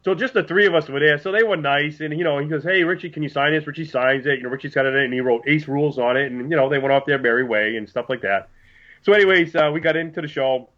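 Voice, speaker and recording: A man's voice: on the high side, fast. A man on a podcast who tells a story in casual chat and acts out what people said. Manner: animated storyteller, acts out quotes. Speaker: podcast co-host. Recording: dull lo-fi sound.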